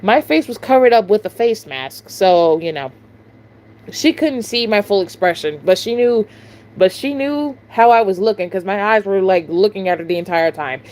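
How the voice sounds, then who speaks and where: A woman's voice: medium pitch, animated, normal speed, a little mellow. A young woman vlogger, telling a storytime in casual, profane, exasperated chat.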